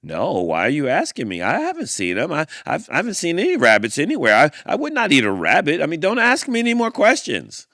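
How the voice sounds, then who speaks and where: A man's voice: mid-range voice, wildly swooping pitch, creaky, fairly bright tone, no room sound, clean studio sound, full character voice. A man voicing a glum bear who politely asks everyone about his lost hat in a read-aloud storybook. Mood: defensive. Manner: slow, mournful, polite.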